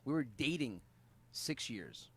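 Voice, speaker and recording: A young man on a podcast as a guest comedian, joking in quick casual banter. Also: mid-range voice, big pitch swings, breathy edge, dry recording. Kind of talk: casual chat.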